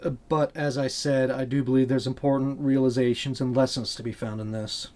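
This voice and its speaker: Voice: mid-range voice, flat delivery, fairly quick, darkish tone. A channel host giving candid, earnest commentary on a video game, blunt and swearing casually.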